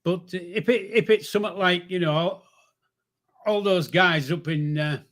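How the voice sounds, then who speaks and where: A man's voice: high voice, a little slow, fairly bright tone. An older man from northern England, hosting a casual livestream, reading out chat and joking in a rambling, easygoing way. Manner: chatty, rambling, jokey, with frequent fillers and self-corrections. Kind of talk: casual live-stream chat.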